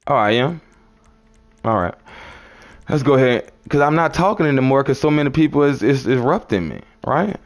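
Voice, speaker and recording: This man from New Orleans preaches on a live stream in a relaxed way, calling people son and brother and repeating himself. He sounds expressive, medium-pitched and slightly quick, with a New Orleans accent.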